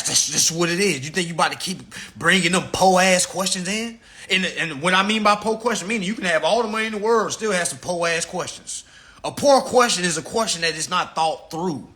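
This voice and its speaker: 30s dude on a live stream going off at his viewers, cussing, preachy, high bright voice. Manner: profane, preachy, animated, talks straight to the audience. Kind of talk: casual rant on a live stream.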